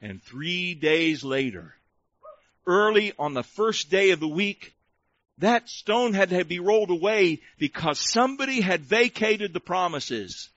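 A man preaching a sermon, calling for amens and shouting praise, slowing down to stretch key words for emphasis. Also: high-pitched, animated, no echo, dull audio. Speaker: pastor.

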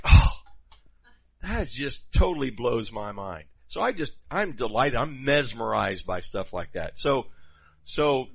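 Animated man preaching a sermon. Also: medium pitch, gravelly, husky, dull audio. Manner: animated, conversational preaching with quoted asides.

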